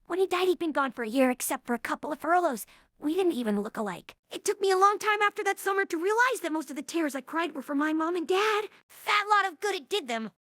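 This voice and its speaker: Guy doing a high tomboyish cartoon pony girl reading a book, husky casual drawl, super dry recording. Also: expressive, fast, pushed and bright, no echo, exaggerated voice. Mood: brash. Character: young female cartoon pony, brash tomboy. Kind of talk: character voice reading a novel aloud.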